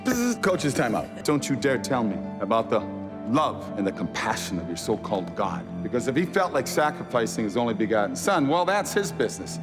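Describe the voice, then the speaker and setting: A man plays a drunk, bitter middle-aged man who is angry at God, in a film scene, slurring, sarcastic and breaking into shouting. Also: mid-range voice, very animated, brisk, over music, natural voice. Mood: furious. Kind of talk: film drama acting.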